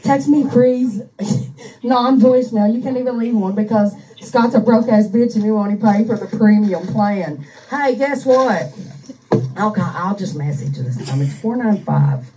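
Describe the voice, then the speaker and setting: A woman's voice: mid-range voice, normal speed, dark tone, recorded from a distance, poor audio. Mocking woman ranting crudely, off-mic. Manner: mocking, crude, laughs often. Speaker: streamer ranting at an online troll. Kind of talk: profane casual rant. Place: on a couch at home. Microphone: handheld microphone.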